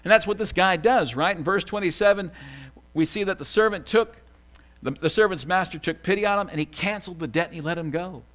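A man preaching a sermon as a pastor, animated, swinging from loud excited bursts to quiet asides. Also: sits high, a little fast.

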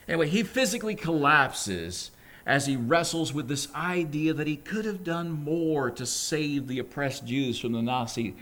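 A man's voice: mid-range voice, a bit bright. Earnest, emphatic male preacher. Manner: earnest, emphatic, rises to fervent exhortation. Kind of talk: sermon with storytelling.

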